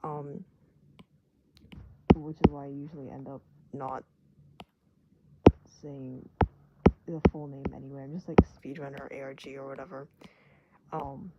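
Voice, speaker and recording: A young adult rambling casually while drawing, joking at their own expense and dropping into hushed asides. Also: medium pitch, flat delivery, unhurried, pauses often, lo-fi sound. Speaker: vlogger doodling on stream. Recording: loud background noise with clicks.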